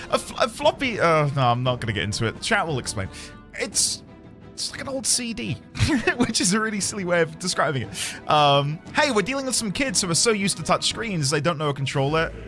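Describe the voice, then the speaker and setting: A man's voice: fairly high pitch, very animated, moderate pace, pushed and bright. A man streaming a video game, chatting casually with viewers in a rambling, jokey way. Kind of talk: casual gaming commentary. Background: game music.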